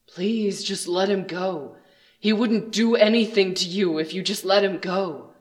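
A storyteller voicing a frightened young male bard who pleads softly and desperately. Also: medium pitch, unhurried, close to an everyday voice. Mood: pleading.

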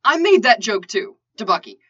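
Joking young man, voiced by a woman, flustered, animated, lo-fi. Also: fairly high pitch, normal speed, slightly rough. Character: dry-witted young man, former soldier. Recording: lo-fi dull recording.

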